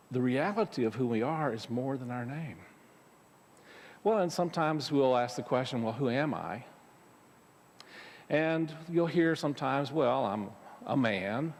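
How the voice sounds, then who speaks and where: Man, minister, gravelly voice, conversational with fillers, church hall reverb. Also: mid-range voice, a little mellow. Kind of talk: spiritual talk to a congregation. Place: church sanctuary.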